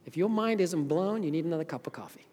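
A middle-aged man with a Zimbabwean accent preaching a sermon as pastor, moving between loud, fervent preaching and quiet, earnest talk. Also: a little high, expressive, fast, a little hiss or hum. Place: church sanctuary. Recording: long reverb of a church hall.

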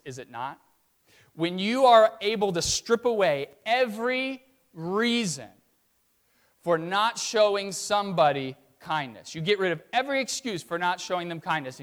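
A man's voice: high voice, fairly bright tone. A middle-aged man from Virginia, a pastor preaching a sermon in a conversational, storytelling way, often checking in with his listeners. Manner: conversational storytelling with tag questions.

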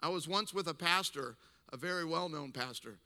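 A man's voice: a little high, normal speed, pushed and bright. A middle-aged male pastor preaching a sermon, reading scripture and breaking off into emphatic, conversational asides.

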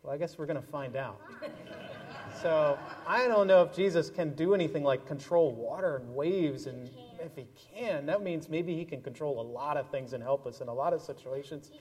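A man leading a children's message in church, telling an animated, playful story with toys. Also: a little high, normal speed. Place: large church sanctuary. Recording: long church reverb.

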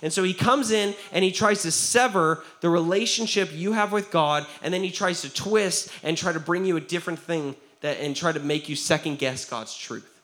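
A young man preaching a sermon as pastor, conversational and earnest, often checking in with "right?" and acting out quoted voices. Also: sits high. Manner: acts out quoted voices, drops to a quiet tone for serious stories.

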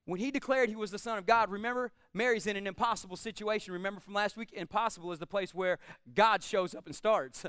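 A man delivers a sermon from the pulpit. His voice sits very high and comes through smooth and clear. He speaks emphatically and swells to shouts on his strongest points, recorded dry and up close. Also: quick pace, dry recording. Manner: emphatic, rising to shouts on key phrases. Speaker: pastor.

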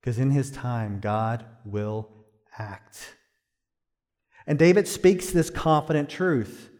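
A middle-aged pastor preaching a sermon, swinging from hushed, slow phrases to loud, high-pitched exhortation. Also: male voice, animated, in a large hall.

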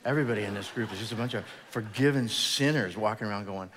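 Male pastor, lowish voice, casual storyteller, sermon in a reverberant church hall. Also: fast talker, a bit bright. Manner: casual storytelling, retells scripture in everyday words. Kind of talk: conversational sermon.

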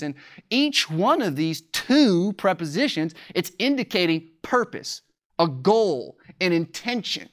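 A preacher teaching a sermon from scripture, slowing down to stress key words and asking rhetorical questions. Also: mid-range voice, very animated. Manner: deliberate, slows for emphasis on key words.

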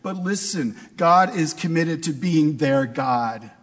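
A man's voice: on the high side, expressive, slow, big-room sound. A man preaching a sermon in a conversational way, asking his listeners rhetorical questions. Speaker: pastor.

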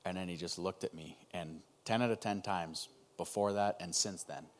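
A man with a notably deep, low-pitched voice recounts a hard personal experience on a video call. He talks haltingly, pausing and restarting as the emotion catches up with him. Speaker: guest telling his story. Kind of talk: personal testimony in a conversation.

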